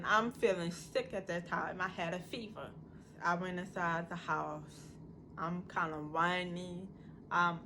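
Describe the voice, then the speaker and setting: Woman, casual storytime vlog, animated conversational delivery, slow unhurried pace, faint background ambience. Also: on the low side, a little hiss or hum. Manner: animated, conversational storytelling with many "you know"s. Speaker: vlogger.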